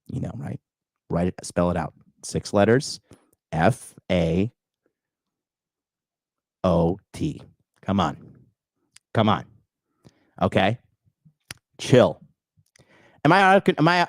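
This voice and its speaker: A young man rants alone on his podcast, crude, profane and mocking, and his pitch swoops up and down. The sound is dry and close. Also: big pitch swings, slow, long pauses, no echo. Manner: mocks critics in a high whiny put-on voice. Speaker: podcast host. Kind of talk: solo podcast rant.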